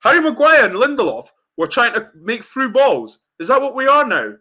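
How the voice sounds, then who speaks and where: A young man hosts a football reaction chat and rants in anger, swearing often. His voice sits high and swings widely in pitch. The tone is bright and forceful. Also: normal speed. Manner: angry, ranting, swearing, animated. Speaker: fan channel host.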